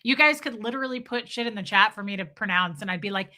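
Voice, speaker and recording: Woman streamer rambling with her chat, very bright voice, kinda giggly. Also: mid-range voice, fast, few pauses. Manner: chatty, reads chat aloud, giggly. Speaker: livestream host. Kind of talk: casual livestream chat.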